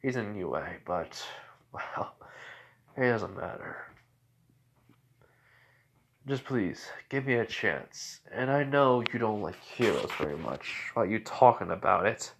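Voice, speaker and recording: A man voicing an immortal fourteen-year-old boy hero who talks in a slow, measured, quietly threatening way. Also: lowish voice, animated, gravelly, slight background noise. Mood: pleading.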